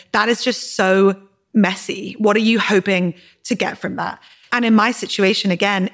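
A woman hosting a podcast, chatting candidly and emphatically with plenty of repetition and laughter. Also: mid-range voice. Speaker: podcast host. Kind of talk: casual podcast chat.

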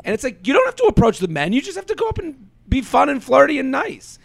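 A man in his thirties co-hosting a casual chat, rambling and animated, full of "like". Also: extremely high pitch, quick pace, creaky, no echo. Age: 30s. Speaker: podcast co-host.

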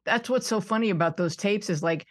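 A woman in her sixties from suburban Buffalo in upstate New York, United States, is a guest on a podcast, chatting casually in an interview. Her voice sits mid-range and moves a little fast, and she laughs often while poking fun at herself.

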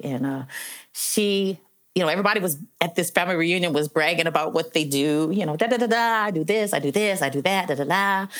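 A low-voiced, earnest middle-aged woman, a probation officer appearing as an interview guest, tells heartfelt stories conversationally, filling her speech with many "you know"s.

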